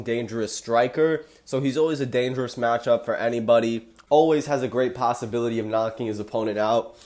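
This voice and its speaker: A young man with a sick, stuffy voice, casually breaking down fight picks as a channel host, loose and joking. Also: medium pitch. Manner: loose and joking, says "y'all".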